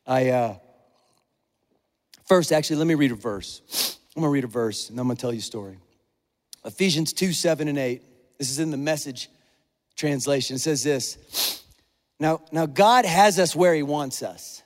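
A man's voice: medium pitch, moderate pace, long pauses, big-room sound. A middle-aged man preaching a sermon as a pastor, earnest and conversational, at times openly emotional, speaking to a church congregation on a stage microphone. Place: church hall.

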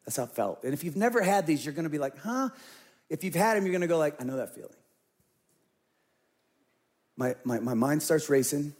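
Middle-aged pastor guy telling his own story from the pulpit, earnest, kinda high-pitched. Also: lively intonation, quick pace, hardly any pauses, a little mellow. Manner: earnest personal testimony, acting out his own past words. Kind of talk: sermon storytelling.

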